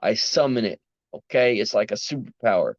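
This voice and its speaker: This livestream host, a New Yorker exhausted after a long workday, rants to his chat late at night. He's earnest, rambling, and keeps breaking off mid-thought, speaking a little fast in a fairly low, expressive voice on a dry, dull, lo-fi recording with no echo.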